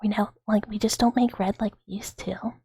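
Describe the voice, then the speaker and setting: A woman streaming ASMR and chatting in a breathy whisper, giggling and rambling with lots of "like" into a close microphone. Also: mid-range voice, normal speed, mellow, no echo.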